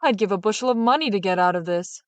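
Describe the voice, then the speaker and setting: A woman voicing a panicked churchman trapped in a chest, shouting frantically, in a storybook reading. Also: mid-range voice, expressive, quick pace, dry recording, natural voice. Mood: frantic.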